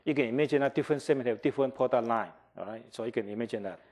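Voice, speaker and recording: Older man giving a lively marketing lecture. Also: medium pitch, racing. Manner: animated, acts out customer reactions, asks the class questions; non-native English, simplified grammar. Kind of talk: classroom lecture. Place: lecture hall.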